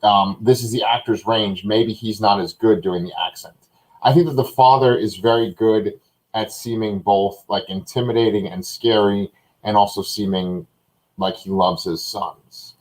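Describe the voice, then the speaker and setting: A man's voice: lowish voice, steady tone, moderate pace, darkish tone, rough recording. A man co-hosting a live review, talking casually and thinking aloud with many fillers and hedges. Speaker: co-host of a live review show.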